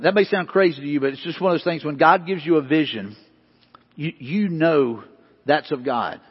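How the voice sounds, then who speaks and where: A man's voice: sits high, husky. Man preaching a sermon in a hall. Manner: earnest, emphatic preaching with repeated phrases. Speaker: pastor. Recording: dull sound with long hall reverb.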